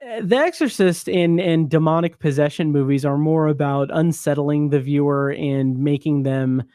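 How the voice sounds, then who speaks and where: Mellow-voiced man hosting a podcast. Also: on the high side, normal speed, clean tone, no room sound, clean studio sound. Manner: easygoing, laughs often, rambling asides. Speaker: podcast host. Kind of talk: casual film podcast chat.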